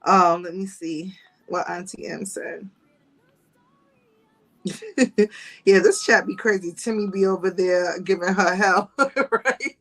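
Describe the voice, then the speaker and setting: A woman's voice: slow pace, pauses often, low-quality recording. Chatty woman gossiping on a livestream. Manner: animated storytelling, acts out quotes in higher voice, laughs often. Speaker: livestream host. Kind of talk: casual gossip chat to viewers.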